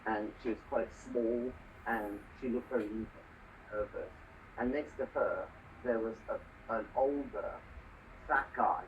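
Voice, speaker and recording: A man's voice: mid-range voice, fairly even intonation, takes it slowly. A man in casual conversation, telling a story in an earnest way and often adding "you know". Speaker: conversation partner. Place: lives in Hong Kong. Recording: distant, muffled, faint background noise.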